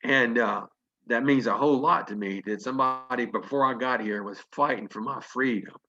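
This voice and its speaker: A man's voice: mid-range voice, moderate pace, pushed and bright, muffled recording. A Southern man in his fifties from North Carolina, telling earnest, folksy stories as a motivational speaker on a video call. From North Carolina, USA. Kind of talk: motivational storytelling.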